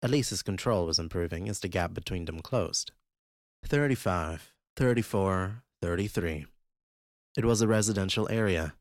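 A man narrating a fan-made audiobook in a steady, even storytelling manner. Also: low voice, fast talker, few pauses, no echo, clean studio sound.

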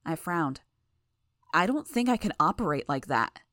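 Woman narrating an audiobook, low dry voice. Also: big pitch swings, normal speed, fairly bright tone, no room sound. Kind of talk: first-person fan audiobook narration.

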